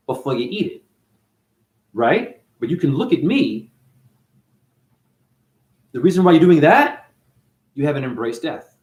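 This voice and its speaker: Guy ranting on a livestream, voice jumps all over, kinda high, echoey room. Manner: animated, preachy, swings between loud outbursts and muttering. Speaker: livestream host talking to his chat. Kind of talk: casual livestream monologue.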